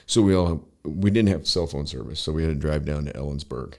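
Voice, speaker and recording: A man's voice: extremely low pitch, brisk, a little mellow. A man guesting on a podcast, telling a rambling story in a casual, profane way full of fillers.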